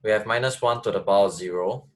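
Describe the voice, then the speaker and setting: A man's voice: fairly low pitch, fast talker. A man tutoring math, explaining step by step, repeating phrases and checking that his student follows. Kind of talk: online tutoring lesson.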